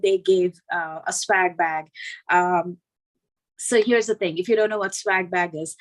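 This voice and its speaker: A middle-aged woman doing a self-deprecating stand-up set, telling animated stories with lots of fillers. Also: medium pitch, rough recording. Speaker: stand-up comedian.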